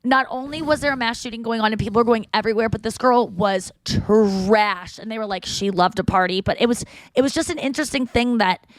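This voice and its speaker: A woman's voice: a little high, brisk, few pauses, no echo. Woman podcast host rambling thru a story, does little voices, dry close sound. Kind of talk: casual chat.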